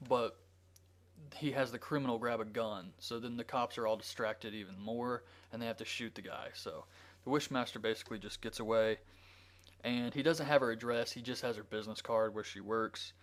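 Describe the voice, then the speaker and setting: A man's voice: medium pitch, steady tone, moderate pace. A man reviewing a movie, retelling the plot in a loose, rambling way with frequent filler words. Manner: rambling, with frequent ums and likes. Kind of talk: casual plot recap.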